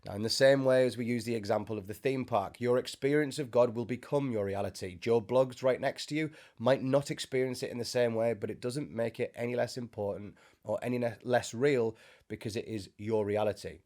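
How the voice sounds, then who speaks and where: A man's voice: mid-range voice, brisk, a little mellow. A man giving an informal spiritual teaching to camera, conversational with joking asides, seated indoors. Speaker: Christian speaker. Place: indoors, sitting before a bright camera.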